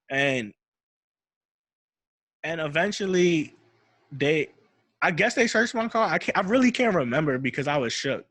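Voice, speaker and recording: A man's voice: fairly high pitch, expressive, unhurried, long pauses, a bit bright, dry recording. A young man telling a personal story in casual, slangy talk, often repeating himself and restarting as he recounts it. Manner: slangy, repeats "I'm like" and restarts while retelling. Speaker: podcast host.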